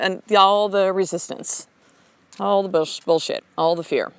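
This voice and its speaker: A woman in her thirties, a mother hosting her show, giving a blunt, profane motivational talk. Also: medium pitch. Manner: blunt, profane, fast and emphatic. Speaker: podcast host and mother. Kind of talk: motivational monologue.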